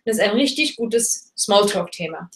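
A woman's voice: mid-range voice, lively intonation, moderate pace. A woman hosting a live webinar as a German teacher, talking casually and hopping between German and English with fillers and restarts. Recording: roomy echo.

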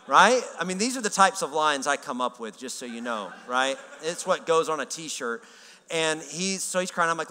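A man's voice: a little high, animated, brisk, pushed and bright. A male pastor telling a story in a sermon, casual and humorous, acting out the dialogue he quotes. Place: large church hall. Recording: reverberant church hall.

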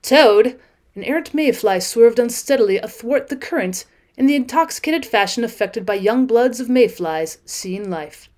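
A woman teacher reads a classic children's story aloud, steady and clear. Her voice is somewhat high, and the pacing is even. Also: moderate pace. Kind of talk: audiobook narration of a classic.

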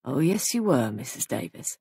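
A woman's voice: extremely low pitch, sing-song, normal speed, vocal fry, mellow, slightly rough, no room sound, clean studio sound, pitched below the performer's own voice, full character voice. A woman reading the lines of a young man posing as a police sergeant, smug and coolly menacing. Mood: cold.

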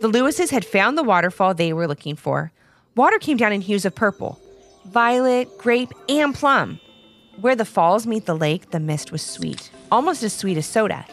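A woman narrating a children's story with expressive, animated delivery. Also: mid-range voice, normal speed, soft background music.

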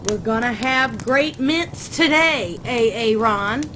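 A woman voicing a goofy adult man who talks in an exaggerated mock Australian accent, loud and high, with noisy background ambience. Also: takes it slowly. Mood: pleading. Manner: loud, high, overdone and flirty. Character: goofy adult man doing a fake Aussie voice.

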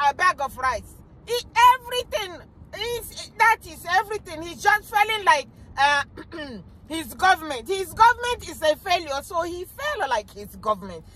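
High-voiced Nigerian woman vlogging while driving. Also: sing-song, moderate pace, fairly bright tone, a little hiss or hum. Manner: chatty and exclaiming, drops into pidgin. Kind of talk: casual commentary. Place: inside a car while driving.

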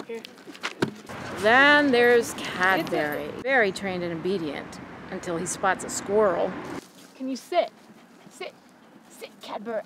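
High, lively woman gushing over dogs. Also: takes it slowly, background noise. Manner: coaxing, gushing sing-song at dogs. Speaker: filmmaker running a crowdfunding campaign. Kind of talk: casual on-camera chat.

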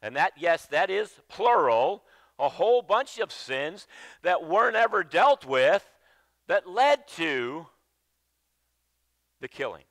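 Slow, bright-voiced preaching man. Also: very animated, dry recording. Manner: emphatic preaching with sudden drops to a low, quiet voice; repeats phrases and restarts mid-sentence. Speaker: pastor. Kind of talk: sermon. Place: church sanctuary.

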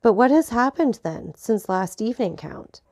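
A woman's voice: on the high side, sing-song, normal speed, creaky, darkish tone, no echo, clean studio sound, voice pushed up, full character voice. A woman voicing an anxious, earnest young soldier who pleads with his friend.

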